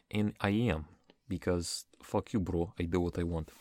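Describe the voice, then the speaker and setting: A low-voiced man, dry and close, swearing and joking between the poems he reads. His talk often sinks to a near-murmur. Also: little pitch movement, moderate pace, a little mellow, dry recording. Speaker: poetry reader. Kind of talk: casual commentary between poem readings.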